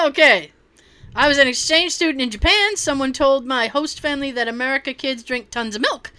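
Bright, lively woman podcast host. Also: high-pitched, normal speed. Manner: laughs often, swears casually. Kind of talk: casual podcast chat, reading listener stories.

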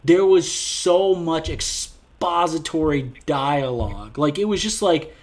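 Animated, profane man ranting about films. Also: a little high, a little slow, hardly any pauses. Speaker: podcast co-host reviewing a film. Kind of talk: casual chat.

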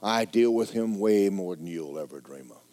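A middle-aged man preaching a folksy, joking sermon in a church, swinging between loud exhortation and quiet asides. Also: low-pitched, expressive, moderate pace. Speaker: pastor.

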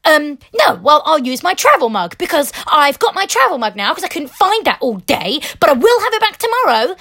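A woman's voice: sing-song, brisk, creaky, a bit bright, full character voice. A woman voicing a fussy middle-aged male coworker who repeats himself indignantly. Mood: huffy. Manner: indignant, repetitive, shrill. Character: fussy middle-aged male office worker upset over his cup.

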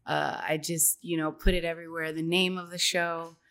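A young woman guest in a casual interview, chatty and upbeat, laughing often and filling pauses with "um" and "like". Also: fairly low pitch, level tone, a bit bright. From Dominican heritage. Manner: chatty, laughs often, many fillers and restarts.

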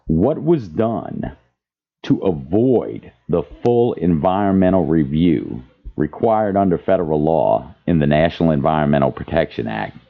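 Very deep-voiced impassioned man. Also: expressive, a little slow, gravelly. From Louisiana. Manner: impassioned, reads quotes aloud. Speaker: podcast host. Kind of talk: advocacy podcast commentary. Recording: dull lo-fi sound.

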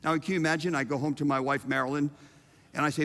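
Man, sermon, emphatic, humorous asides, high voice, long hall reverb. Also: steady tone, a bit bright. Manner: emphatic and humorous, with dramatic pauses. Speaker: preacher.

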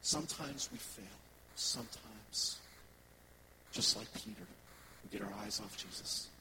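A low-pitched man delivers a sermon as a worship pastor, weaving personal stories into his message. He talks to the congregation in a conversational, animated way. Steady background noise is heard in the live church recording. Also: a little slow.

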